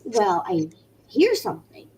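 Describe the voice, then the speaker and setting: Woman from Indiana, mellow voice, halting and restarting, casual guest chat over a faint hum. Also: mid-range voice, wildly swooping pitch, low-quality recording. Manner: halting, restarts mid-sentence. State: wearing an arm sling after surgery. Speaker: paranormal investigator, guest.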